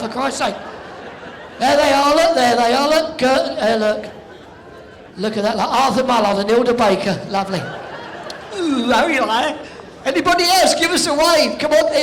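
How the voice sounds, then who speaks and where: A man's voice: extremely high pitch, a bit bright. A man working as an arena compère, teasing and joking with the audience through crowd banter. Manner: teasing, jokey, calls out to the audience. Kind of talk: cheeky crowd warm-up banter. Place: indoor sports arena.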